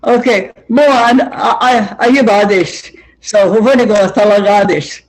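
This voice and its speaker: Man, student, very high voice, hesitant, pauses and fillers, video call. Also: low-quality recording. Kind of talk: online class.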